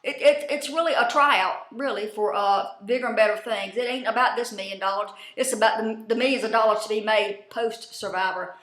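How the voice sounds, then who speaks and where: Woman, chatty TV recap, swears freely, fairly high bright voice, echoey room. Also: brisk, few pauses. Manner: chatty, swears freely, folksy Southern-ish slang. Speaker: show recap vlogger. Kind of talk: casual profane TV recap.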